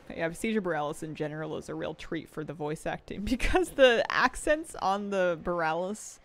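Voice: mid-range voice, moderate pace, fairly bright tone. A game streamer chatting casually on a live stream, giggling often and reading out chat messages.

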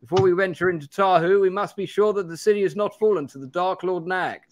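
A man's voice: sits high, fast talker, slight background noise, voice pushed up, close to an everyday voice. A man voicing a grave young male magician who urgently warns of an advancing enemy. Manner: urgent, earnest dramatic reading.

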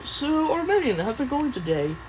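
A woman's voice: sits high, sing-song, moderate pace, crowd noise, rough recording. A young woman voicing many cartoon characters in a playful, silly way. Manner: playful, silly voices, giggly.

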